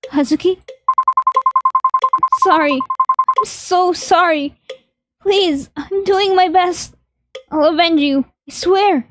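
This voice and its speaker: A woman's voice: very high-pitched, very animated, a little fast, few pauses, mellow, no echo, faint music behind, voice pushed up. A woman voicing a grieving, guilt-ridden young widow who begs tearfully in a breaking voice. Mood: desperate pleading.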